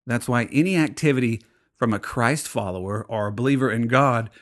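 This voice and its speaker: A man's voice: mid-range voice, brisk, fairly bright tone. A middle-aged man preaching a sermon in an earnest, explaining way, with frequent fillers and restarts. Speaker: pastor.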